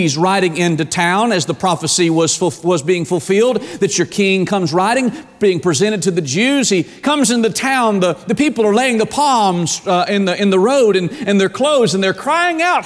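A high-pitched man delivers a sermon from the pulpit. He stretches out key phrases and repeats words for emphasis. His voice rings with the long reverb of a church sanctuary. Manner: preaching with dramatic slow emphasis and repetitions. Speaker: pastor.

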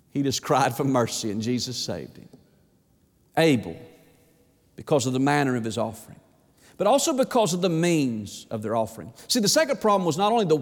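A man's voice: on the high side, darkish tone, in a large hall. A man preaching a sermon, emphatic and quoting scripture, asking the listeners rhetorical questions.

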